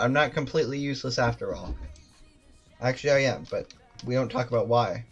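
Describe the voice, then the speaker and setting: A gaming streamer giving live commentary, swearing constantly and mocking themself, with loud outbursts and laughter while playing. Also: mid-range voice, moderate pace, long pauses, soft background music.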